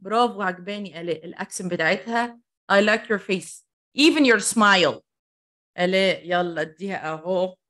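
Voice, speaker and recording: A woman, teaching an online English pronunciation class, animated and full of praise for her students. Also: medium pitch, rapid-fire.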